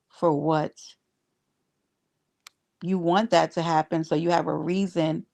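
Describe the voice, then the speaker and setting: Blunt gravelly-voiced woman streamer. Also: deep voice, level tone, takes it slowly, long pauses, darkish tone. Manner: blunt and exasperated, cursing freely. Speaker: livestream host reading chat. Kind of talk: casual livestream commentary to viewers.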